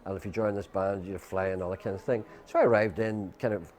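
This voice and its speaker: A man's voice: deep voice, fairly even intonation, fast talker, darkish tone. An Irish man, a guest musician, telling a long rambling anecdote, quoting people's lines and filling with "you know".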